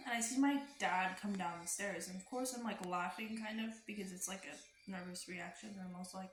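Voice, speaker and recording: A woman's voice: mid-range voice, normal speed. A young adult woman telling a personal story in a casual storytime, chatty and full of "like" fillers. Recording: roomy room with faint music.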